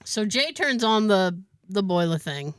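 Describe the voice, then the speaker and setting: A woman's voice: medium pitch, a little slow, clean tone, dry recording. Woman podcaster rambling thru a story, dry close sound, laughs a lot. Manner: animated storyteller, laughs often. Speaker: podcast host. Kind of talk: casual chat.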